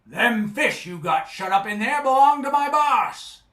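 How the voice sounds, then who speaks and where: A man voicing a surly, cross old male sea serpent who orders a fisherman around, loud and pushy. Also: high-pitched, animated, takes it slowly, heavily acted. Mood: surly, bossy. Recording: echoey live stage.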